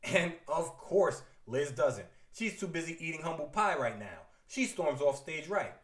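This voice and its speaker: A man retelling a classic comic book story with playful asides and quick put-on voices for the characters. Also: on the high side, roomy sound. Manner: lively, playful, theatrical asides.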